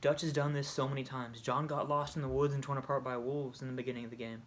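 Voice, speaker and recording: A man's voice: medium pitch, flat delivery, quick pace. A man casually retelling a video game story, rambling, restarting and correcting himself as he goes. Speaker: video creator.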